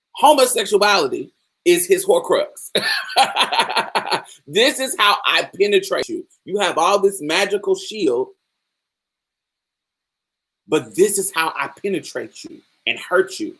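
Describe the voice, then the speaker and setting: A woman's voice: deep voice, slightly rough. A woman podcast host giving casual film commentary, emphatic and profane, acting out the characters' lines as she talks.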